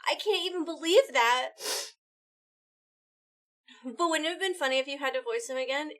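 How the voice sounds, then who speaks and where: A woman live-streaming and chatting casually with her viewers, bubbly and excitable, quickly thanking people as they chip in. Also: high-pitched.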